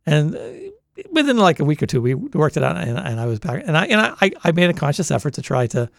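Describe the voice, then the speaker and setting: His voice sits on the high side, swinging widely in pitch as he talks fast with vocal fry. He's a Boston-accented man in his sixties, a longtime volunteer recalling college radio years in a rambling oral history full of restarts, recorded dry with clean studio sound.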